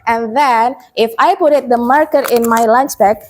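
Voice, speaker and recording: A woman's voice: a little high, moderate pace, background noise. A young woman teaching a primary school class, repeating words and prompting the children to answer.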